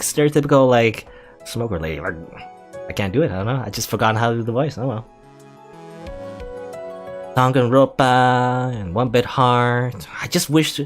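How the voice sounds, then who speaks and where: A young man casually commenting while playing a story game, rambling and hesitant, often trailing off with "I don't know.". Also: mid-range voice. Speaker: let's play host.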